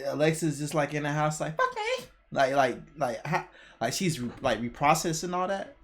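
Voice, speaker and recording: A man streaming a reaction to a comedy special, chattering excitedly in slang-heavy casual talk. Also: a little high, moderate pace.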